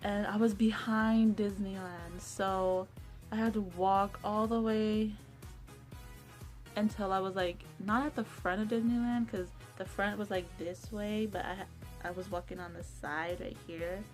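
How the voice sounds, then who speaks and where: A young woman vlogging a casual storytime, chatty, acting out quotes in a higher voice. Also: fairly even intonation, a little slow, faint music behind.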